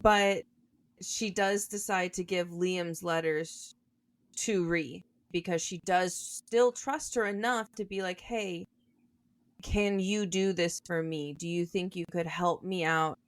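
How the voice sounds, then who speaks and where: A woman's voice: on the low side, fairly even intonation, slow pace, no echo. A young woman co-hosting a podcast, chatting casually about a book and thinking her points through aloud. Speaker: podcast co-host.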